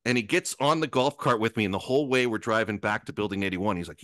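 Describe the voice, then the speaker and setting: A man's voice: fairly low pitch, fast, hardly any pauses, no echo, clean studio sound. Man telling a rambling, profane story. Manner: animated storyteller who acts out other people's lines; profane, rambling, self-interrupting. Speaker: guest. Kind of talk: casual anecdote telling.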